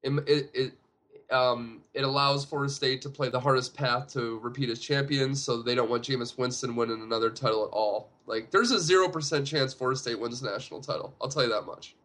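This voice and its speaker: A man's voice: medium pitch, a little fast, fairly bright tone. Rambling man co-hosting a sports podcast. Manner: rambling, many fillers. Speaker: podcast co-host. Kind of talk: casual sports chat.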